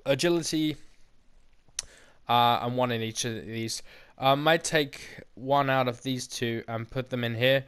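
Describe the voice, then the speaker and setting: A man's voice: medium pitch, unhurried, a bit bright, clean tone. A young man giving casual, rambling let's-play commentary and explaining the game as he plays. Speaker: gaming YouTuber.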